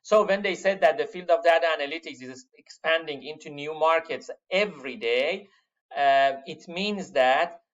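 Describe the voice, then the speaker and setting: A man giving a university lecture to his students, halting with many fillers, stressing key words and calling the class "my friends". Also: a little high. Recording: dull lo-fi lecture recording.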